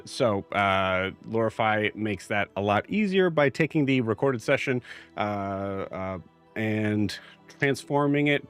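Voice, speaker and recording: A man's voice: mid-range voice, a bit bright, clean tone. A man hosting a live tabletop game stream, giving rambling announcements full of filler words before the session. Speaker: game master and show host.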